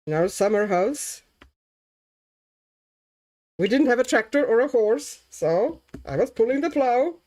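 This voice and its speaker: A woman from Latvia talking through a relaxed colouring livestream. She chats with viewers, reads their comments aloud, and muses about her work as she goes. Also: fairly high pitch, a little slow, long pauses. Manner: chatty and easily amused, reading out comments while working. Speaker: livestream host colouring while chatting. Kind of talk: casual livestream chat.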